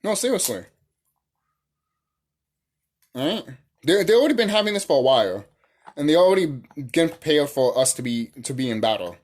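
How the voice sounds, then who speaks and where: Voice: medium pitch, very animated, fast talker, a little mellow. A channel host ranting in a casual monologue, profane and heated, repeating phrases and firing off rhetorical questions.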